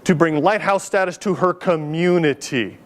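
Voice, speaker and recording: A middle-aged man giving a keynote speech, telling stories in a lively way and acting out the voices of the people in them. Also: fairly high pitch, moderate pace, a little hiss or hum. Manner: animated, acts out quoted voices. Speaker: keynote speaker. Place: conference hall.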